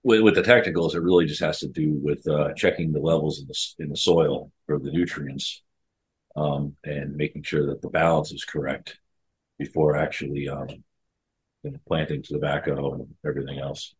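Very deep, husky-voiced man. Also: fairly even intonation, moderate pace, low-quality recording. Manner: rambling, repeats words as he thinks. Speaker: podcast co-host. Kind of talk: casual chat.

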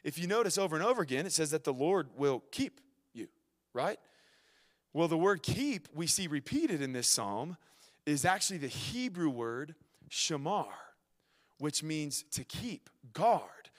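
Animated young preacher with high voice. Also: male voice, long reverb tail. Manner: animated, swings from loud to hushed, stammers and restarts. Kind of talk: storytelling sermon.

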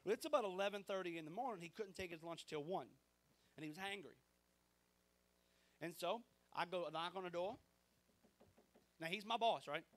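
Pastor, forties, fairly high voice, chatty sermon full of stories and quoted talk. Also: male voice, normal speed, long pauses. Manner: conversational, animated storytelling with quoted dialogue.

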